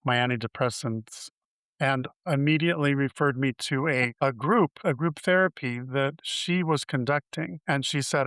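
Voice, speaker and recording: A man in his fifties telling his personal story as an interview guest. He speaks candidly and haltingly, often restarting his sentences. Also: medium pitch, a bit bright, clear, resonant tone, no echo. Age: 50s.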